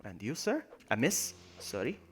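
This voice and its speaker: A man's voice: a little slow, a little hiss or hum. A man streaming a game live, greeting viewers by name, yelping when things go wrong and mocking himself. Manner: excitable, jumps to high yelps when in danger, then mutters low. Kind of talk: live gameplay commentary.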